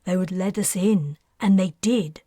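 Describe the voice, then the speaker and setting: A clever, bold teenage boy laying out his reasoning in earnest, as a woman narrator voices him. His voice sits a little lower than her own, breathy and close. Dry audiobook read. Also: unhurried, warm tone, no echo. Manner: earnest, explaining at length. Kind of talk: audiobook character voice.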